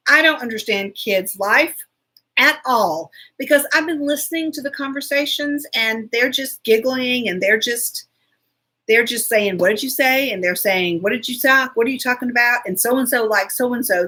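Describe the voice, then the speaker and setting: A woman hosting a casual live chat, telling a story in a chatty, animated way and answering viewers. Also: a little high. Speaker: show host.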